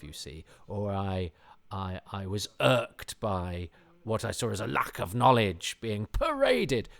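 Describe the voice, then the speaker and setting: A man hosting a podcast, giving rambling, self-deprecating commentary with animated asides. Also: lowish voice, creaky. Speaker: podcast host. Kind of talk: casual commentary.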